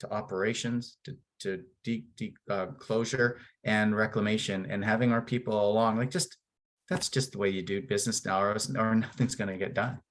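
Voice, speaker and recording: A man's voice: on the low side, fairly even intonation, normal speed. A man from Canada speaking on a panel discussion in a casual, candid way, with many fillers and restarts.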